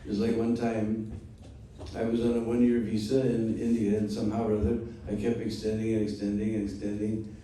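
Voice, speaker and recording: A man's voice: lowish voice, monotone, dark tone, distant mic, a little hiss or hum. Man telling a story in an echoey room. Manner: unhurried, with frequent "hmm?" check-ins. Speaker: spiritual teacher. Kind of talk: storytelling class.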